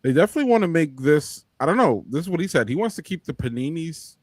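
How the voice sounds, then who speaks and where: A man co-hosting a casual beer podcast, talking in a chatty, halting way with lots of fillers. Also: on the high side, big pitch swings, no room sound. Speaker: podcast co-host. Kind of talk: casual chat.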